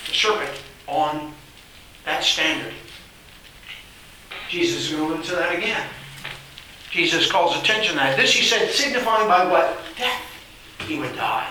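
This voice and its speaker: A man's voice: fairly high pitch, moderate pace, pauses often, pushed and bright, recorded from a distance, a little hiss or hum. A man preaching a sermon, emphatic and repetitive, reading scripture aloud in a church hall. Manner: emphatic, repeats phrases, reads scripture aloud. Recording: very echoey room, voice off-mic.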